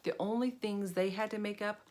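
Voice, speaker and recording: A woman voicing a patient, friendly schoolteacher while reading a storybook aloud, in a calm, even delivery. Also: medium pitch, a little fast, a little hiss or hum, pitched above the performer's own voice, lightly acted.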